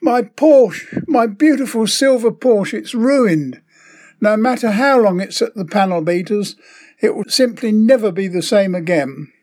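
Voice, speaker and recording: A man doing a shrill, hysterical solicitor. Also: sing-song, moderate pace, few pauses, a little mellow. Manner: shrill, wailing. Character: hysterical male solicitor mourning his Porsche.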